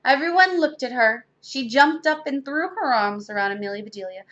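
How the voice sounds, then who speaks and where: A woman's voice: high-pitched, lively intonation, brisk, fairly bright tone, lo-fi sound. A woman reading a children's storybook aloud expressively. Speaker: reader.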